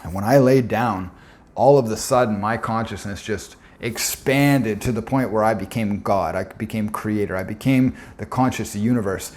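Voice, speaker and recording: Guy with a lowish voice, telling his own story, earnest and reflective, lots of uhs. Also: darkish tone. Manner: earnest, reflective, with frequent filler pauses. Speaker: presenter. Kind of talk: personal storytelling presentation.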